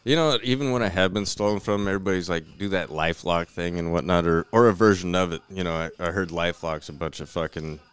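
A man's voice: low voice, fast, few pauses, smooth. A man co-hosting a podcast, chatting in an easygoing, profane way. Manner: easygoing, profane, laughs often. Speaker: podcast co-host. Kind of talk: casual chat.

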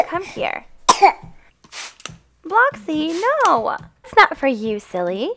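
A woman hosting a game roleplay as the mom, talking in an animated, playful, motherly coaxing way. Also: high voice, slow pace, gravelly, pauses often, faint music behind. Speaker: host and roleplayer playing the mom. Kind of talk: casual game roleplay chat.

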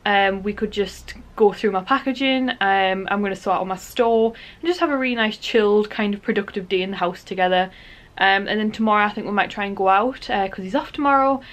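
A woman's voice: mid-range voice, brisk. A young woman chatting casually to camera at home in a bubbly way, with lots of fillers. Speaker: vlogger. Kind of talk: casual vlog chat. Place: at home indoors.

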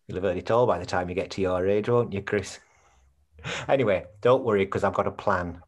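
A blunt, chatty son. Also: male voice, deep voice, brisk. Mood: earnest, chatty. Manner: blunt, chatty, keeps checking with his mother. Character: chatty middle-aged Yorkshire son, earnest and blunt. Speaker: bereaved son planning a funeral. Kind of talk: comedy series acting on a video call.

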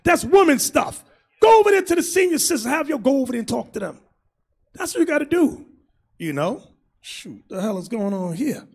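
A man preaches as a bishop, loose and comic, shouting and mocking as he acts out what people say. His voice sits very high and swings wildly in pitch, with a husky, grainy edge. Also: fairly quick. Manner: animated, shouting and mocking, acting out quotes.

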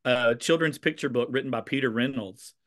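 A man with a clear Southern American accent, talking in a relaxed, expressive way, with a touch of sass in his delivery. He sounds like a teacher chatting over a video call, mid-pitched for a man. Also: fairly quick. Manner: expressive, a bit sassy, warm storytelling. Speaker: teacher and conversation host. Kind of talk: casual video chat.

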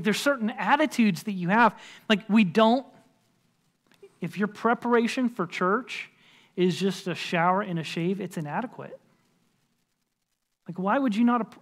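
A man preaching a sermon as pastor in a church, conversational and emphatic, with frequent filler words. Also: high voice. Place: church sanctuary.

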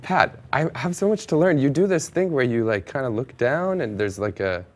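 A man's voice: medium pitch, expressive, normal speed. A man hosting a studio chat, playful and rambling, with lots of restarts. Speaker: host.

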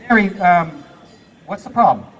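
At a moderate pace, a man with a high-pitched, sing-song, slightly bright voice works a live theater stage as a hypnotist. The distant live recording catches his stage patter: playful commands to volunteers and frequent laughter.

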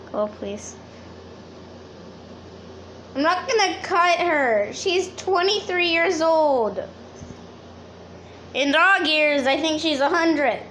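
A woman's voice: high voice, lively intonation, takes it slowly, pauses often, a bit bright, a little hiss or hum. A young woman vlogging at her grandmother's home, talking to the dogs in a fond, baby-talk way. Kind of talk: casual vlog talking to pets.

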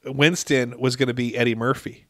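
A man hosting a casual podcast, relaxed and easily amazed by trivia his co-host shares. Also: medium pitch, moderate pace, no echo, studio quality. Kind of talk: casual chat.

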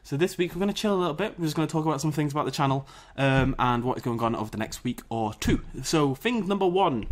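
British man, gaming vlog host, casual and jokey, self-mocking, mid-pitched voice. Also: expressive, quick pace, hardly any pauses. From Britain. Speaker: YouTube gaming channel host. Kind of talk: casual vlog chat to camera. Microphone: dedicated recording mic.

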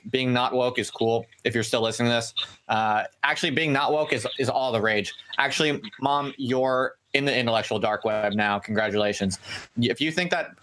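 A man's voice: medium pitch, brisk, fairly bright tone, rough recording. Podcast host guy in his 30s, jokey and rambly, some noise hissing behind him. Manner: joking, rambling, playfully sarcastic. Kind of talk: casual podcast conversation.

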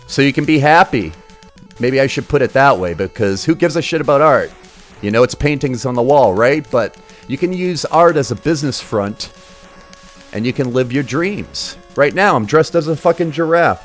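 Crude joking male game streamer. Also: on the high side. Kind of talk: casual live-stream commentary while gaming.

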